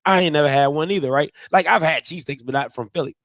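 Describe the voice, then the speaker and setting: A man's voice: a little high, fast, a bit bright, no echo. A man from Ohio telling a casual, slangy story to his viewers, repeating and restarting phrases as he goes. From Ohio, USA. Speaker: vlogger.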